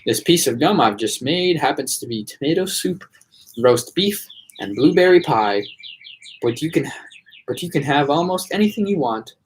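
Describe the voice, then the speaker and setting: A man's voice: fairly high pitch, lively intonation, moderate pace, a little hiss or hum, natural voice, rough recording. Wonka: a man doing a boastful candy inventor. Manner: boastful, exclamatory. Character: eccentric proud male candy inventor.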